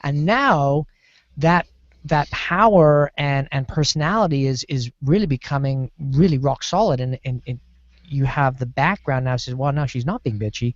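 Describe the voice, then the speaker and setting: A man's voice: mid-range voice, unhurried, no echo. Rambling man on a dull lo-fi mic. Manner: rambling, lots of fillers and restarts, animated. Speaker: podcast panelist. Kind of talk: casual panel discussion of a TV series. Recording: dull lo-fi sound.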